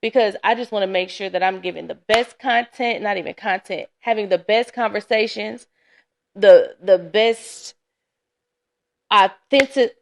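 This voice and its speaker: A woman's voice: mid-range voice, normal speed, creaky. A woman hosting a casual solo podcast, chatty and candid, sounding tired and laughing often. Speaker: podcast host. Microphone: camera.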